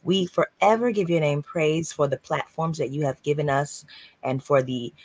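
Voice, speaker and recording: Low-voiced woman comedian leading a prayer. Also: moderate pace, a little mellow, no room sound. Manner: bubbly, then earnest in prayer. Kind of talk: casual chat and spoken prayer.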